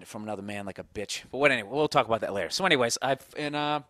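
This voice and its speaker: A man's voice: medium pitch, very fast, bright, forceful tone, no echo, clean studio sound. A man hosting a podcast, rambling through a profane comedic story and talking to his dog. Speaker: podcast host. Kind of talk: casual comedic monologue.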